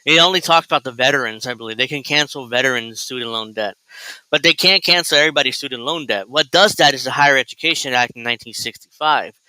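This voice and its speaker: A man's voice: mid-range voice, fast talker, sharp tone, clear, resonant tone, no room sound, low-quality recording. A male host giving crude, sarcastic, rambling political reaction commentary.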